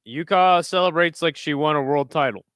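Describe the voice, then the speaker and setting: The speaker is a young American man running a casual stream where he watches fights, talking back to chat with dry sarcasm. He has a fairly high-pitched voice at a moderate pace, a bit bright and clean, with no echo.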